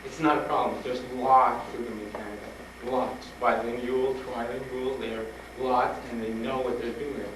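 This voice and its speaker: A man speaking to students, telling a personal story with animated retellings and frank urging. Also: mid-range voice, moderate pace, hardly any pauses. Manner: animated, acts out dialogue, laughs often. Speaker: guest speaker at a school. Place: school hall with an audience. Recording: roomy old tape from a distant mic, noisy.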